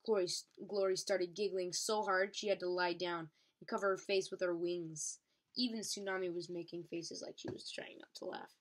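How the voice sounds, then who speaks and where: A woman reading a novel chapter aloud at a steady pace. She stumbles on a word now and then and corrects herself. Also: fairly low pitch, normal speed. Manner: steady, occasional slips and self-corrections. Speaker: reader.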